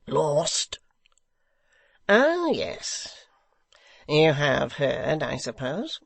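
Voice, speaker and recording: A man voicing a sly, sneering secretary who speaks in a slow, measured, mocking way with a gravelly edge. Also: on the high side, no room sound, exaggerated voice.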